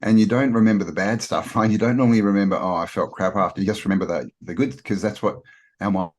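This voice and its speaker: Deep male guest, halting casual talk with lots of restarts. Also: steady tone, a little mellow. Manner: halting, many repeated words and restarts. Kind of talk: casual conversational discussion.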